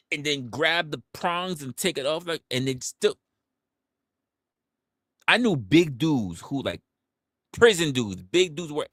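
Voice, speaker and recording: A man's voice: fairly high pitch, fairly bright tone, dry recording, studio quality. Profane New man firing questions. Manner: rapid rhetorical questions, profane, stammering restarts. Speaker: livestream host. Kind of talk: casual livestream rant.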